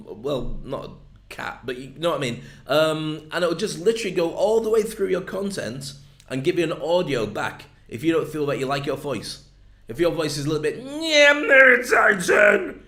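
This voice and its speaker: A man's voice: fairly high pitch, echoey room. A man with a northern English accent, giving a chatty, jokey video lesson on content marketing. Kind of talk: casual video lesson to camera.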